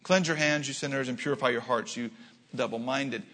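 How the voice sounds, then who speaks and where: An American man preaching a sermon in a church, telling stories with quick asides and animated delivery. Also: mid-range voice, long reverb tail. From United States. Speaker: pastor.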